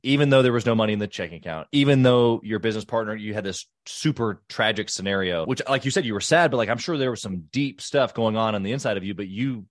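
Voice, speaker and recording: A male podcast host who keeps the guest going with short replies before summing up the story in his own words. His voice is on the low side. The sound is dry and close, with no room echo. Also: lively intonation, fast, hardly any pauses. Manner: encouraging, frequent short affirmations. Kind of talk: casual interview chat.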